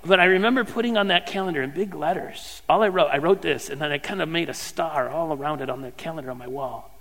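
A middle-aged man preaching a sermon, swinging from loud fervent questions to hushed, near-whispered lines. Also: fairly high pitch, fast. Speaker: pastor. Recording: long hall reverb.

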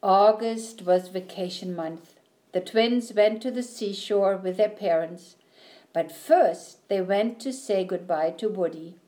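Woman reading a kids storybook, slow and soft, dark mellow tone. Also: mid-range voice. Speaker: narrator. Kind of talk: children's storybook read-aloud.

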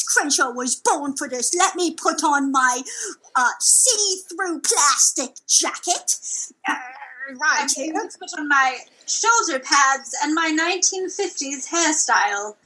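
A woman's voice: high voice, sharp tone, exaggerated voice, rough recording. A woman playing an eager, groveling male employee who stammers and refers to himself in the third person, in an improvised comedy sketch.

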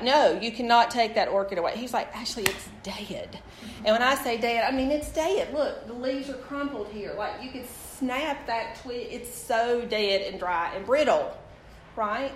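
A woman, preaching and telling a personal testimony, talking straight to her audience. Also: fairly high pitch. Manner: storytelling, animated, addresses the audience directly. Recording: echoey room with faint background noise.

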